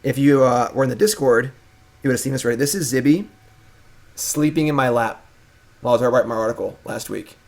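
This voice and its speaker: A man's voice: medium pitch, fast, vocal fry, darkish tone. A young adult man hosting a live stream, chatting casually and playfully hyping up his pet. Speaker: streamer and host.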